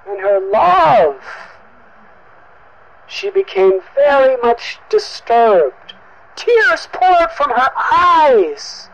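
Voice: high-pitched, very animated, extremely slow, vocal fry, muffled recording, a crowd in the background. A storyteller dramatically recounting an epic in a vivid, emphatic manner. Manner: vivid, emphatic, repetitive for effect.

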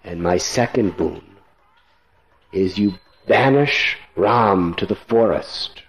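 A man's voice: low voice, slow pace, pitched below the performer's own voice, poor audio. A man voicing an unmoved, wrathful queen who coldly makes her demands. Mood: demanding. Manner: hard, commanding, demanding. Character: cold, wrathful scheming queen.

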